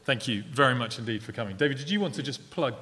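Male church host, measured delivery, bright tone, long reverb. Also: mid-range voice, a little hiss or hum. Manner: measured, calm, announcing. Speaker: church minister hosting the evening. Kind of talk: closing remarks and scripture reading. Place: large church.

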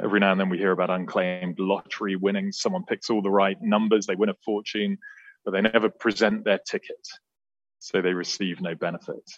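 A man preaching a sermon in church, explaining a Bible passage with earnest emphasis that rises and then falls soft. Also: lowish voice, no echo, muffled recording.

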